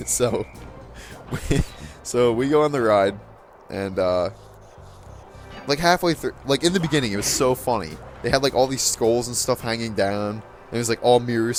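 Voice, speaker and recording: Rambling young man, casual anecdote. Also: mid-range voice. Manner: rambling, chuckling, lots of fillers. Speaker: gaming channel host. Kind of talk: casual storytelling over gameplay.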